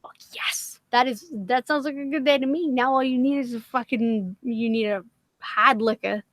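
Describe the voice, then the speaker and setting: A woman's voice: on the high side, steady tone, normal speed, a bit bright, no room sound. A woman with a Boston accent hosting a casual livestream, swearing constantly and rambling with self-deprecating jokes. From Massachusetts. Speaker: livestream host.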